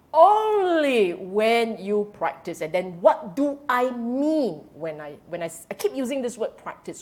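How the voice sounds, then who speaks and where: A woman with a Singaporean English accent giving a Buddhist Dhamma talk to a congregation, quizzing the audience and dropping in colloquial particles. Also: medium pitch. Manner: animated, keeps quizzing the audience; drops in colloquial particles and laughs.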